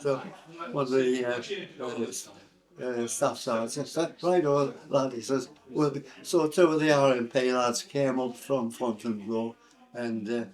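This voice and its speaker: A man's voice: mid-range voice, steady tone, a little slow. An older man with a Sunderland accent, recounting his life story in an interview, hesitant and full of fillers and restarts. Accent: Sunderland English. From England.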